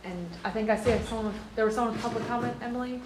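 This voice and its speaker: A woman board member calling roll and moving the meeting along, brisk and procedural. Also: fairly high pitch, steady tone. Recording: echoey room with background noise.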